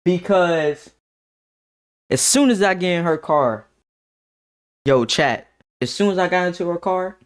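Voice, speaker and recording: Lively young man telling a storytime. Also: high voice, a little slow, long pauses, smooth. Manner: animated, slangy, repeats words as he talks. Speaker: streamer. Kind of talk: casual storytime for a stream chat.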